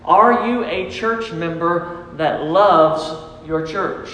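A man's voice: high-pitched, extremely slow, bright, forceful tone. A man preaching a sermon as pastor to his congregation, earnest and repetitive, calling on listeners to respond. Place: church sanctuary. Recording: roomy hall reverb.

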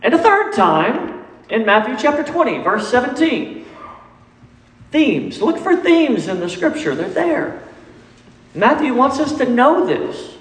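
High-voiced preacher in an echoing hall. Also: male voice, sing-song, measured pace, pauses often. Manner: emphatic, repeats key points and quizzes the congregation. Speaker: pastor. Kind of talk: sermon. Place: church sanctuary.

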